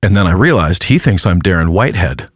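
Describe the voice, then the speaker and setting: A man, a pastor co-hosting a podcast, telling a self-deprecating story in casual chat with halting restarts. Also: low-pitched, expressive, no echo, studio quality.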